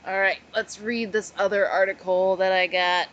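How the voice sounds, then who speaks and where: A woman with a mid-pitched voice co-hosts a casual podcast. She reads an article aloud, dropping in offhand asides as she goes. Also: level tone, normal speed, fairly bright tone, highs cut off. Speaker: podcast co-host.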